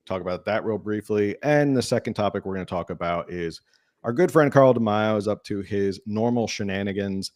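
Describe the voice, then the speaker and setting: A man's voice: fairly low pitch, a little fast, darkish tone. A man co-hosting a podcast, talking through the week's politics in a dry, wry way. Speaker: podcast co-host. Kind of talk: casual political chat.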